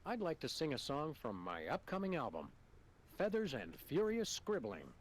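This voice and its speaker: A man voicing a dry, deadpan dog detective in a comedy adventure game. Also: a little high, normal speed, a little hiss or hum. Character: deadpan anthropomorphic dog detective, adult male.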